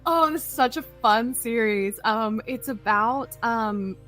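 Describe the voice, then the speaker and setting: A woman's voice: fairly high pitch, slow pace, fairly bright tone, soft background music. A woman voice actress talking as a guest in a casual interview, bubbly and gushing, often saying "like". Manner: bubbly, gushing, heavy use of "like".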